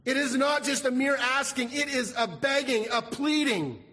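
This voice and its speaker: A man's voice: very high voice, normal speed, bright, forceful tone, big-room sound. A man preaching a sermon as pastor, earnest and repeating his key phrases. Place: church sanctuary.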